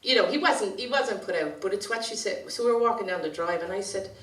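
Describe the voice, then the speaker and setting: A community activist with an Irish accent gives a chatty, anecdote-filled storytelling speech at a conference. Her mid-range voice is fairly bright and fast. Recorded from a distant mic in a conference hall, the sound is roomy.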